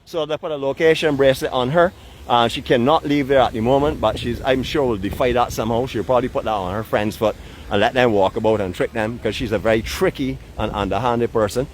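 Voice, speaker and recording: A man's voice: medium pitch, brisk, a little hiss or hum. A middle-aged man from Barbados with a Barbadian accent, hosting a live walking tour, chatty and playfully teasing his viewers. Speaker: vlog host and walking guide. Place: outdoors by a seaside port in a town.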